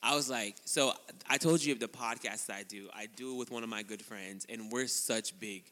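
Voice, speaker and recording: A man co-hosting a podcast, telling a story in casual chat, laughing often and acting out quotes in a high voice. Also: normal speed, sharp tone, big-room sound. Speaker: podcast co-host.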